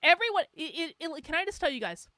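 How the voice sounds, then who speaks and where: This middle-aged livestream host has a very high-pitched, pushed, bright voice with big pitch swings and a quick pace. She rants sarcastically, curses freely, and laughs through a rambling, casual chat. The recording is dry.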